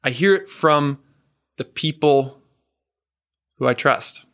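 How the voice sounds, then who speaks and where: A man's voice: a little high, a bit bright. Earnest male preacher giving a sermon. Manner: earnest, slow and emphatic, asks the audience questions.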